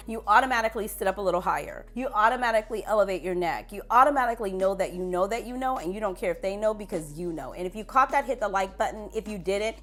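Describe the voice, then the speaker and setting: Animated woman reviewing perfumes. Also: mid-range voice. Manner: animated, playful, emphatic repetition. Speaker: beauty vlogger. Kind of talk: casual perfume review to camera.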